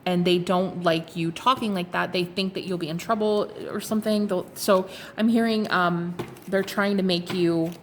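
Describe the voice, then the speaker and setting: A woman's voice: on the low side, fairly even intonation, moderate pace, a little hiss or hum. Chatty woman doing a tarot reading. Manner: chatty, rambling, many fillers and restarts. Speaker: tarot card reader. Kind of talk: casual tarot reading to viewers.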